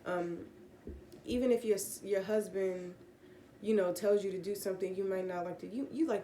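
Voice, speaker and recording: A woman vlogger gives casual Bible teaching in a home room with pets, speaking briskly in a mid-range voice. She's relaxed and rambling, full of fillers and self-corrections, and the sound is reverberant with slight background noise.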